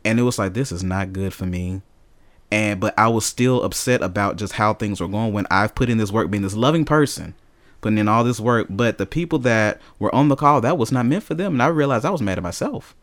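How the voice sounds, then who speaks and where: Animated storyteller man, low voice. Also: a little fast. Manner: animated storyteller, swears freely. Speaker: podcast co-host. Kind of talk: casual chat.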